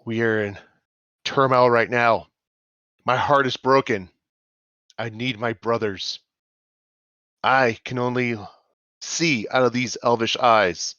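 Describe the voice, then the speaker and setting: A man voicing a solemn elf hunter in a tabletop game, praying slowly and pleading with the gods of nature. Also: mid-range voice, steady tone, bright, forceful tone, dry recording, muffled recording.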